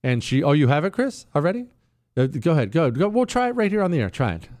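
A man hosting a talk radio show, sarcastic and chatty, often jumping into a mocking high pitch. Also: very animated, fast, a little mellow, dry recording, studio quality. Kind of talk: casual talk radio commentary.

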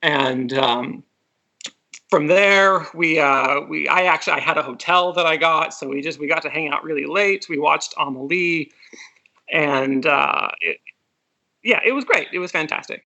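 A man's voice: fairly high pitch, unhurried, vocal fry, sharp tone, muffled recording. A man in his thirties from Texas, telling a personal story hesitantly as an interview guest. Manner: hesitant, with many fillers and restarts. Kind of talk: casual storytelling.

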